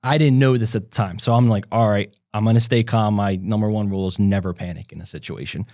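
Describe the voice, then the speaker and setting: A man's voice: on the low side, steady tone, fast, a little mellow, no room sound, studio quality. A young man co-hosting a podcast, telling a long story casually, full of "like" and acted-out quotes. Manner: rambling, filler-heavy, acts out quotes. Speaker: podcast co-host.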